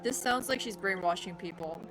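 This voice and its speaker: A woman's voice: on the low side, moderate pace, rough recording. A young Irish woman live-streaming, chatting casually and defensively with viewers, her speech rambling. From Ireland. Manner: rambling, defensive, talks to chat. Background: game music.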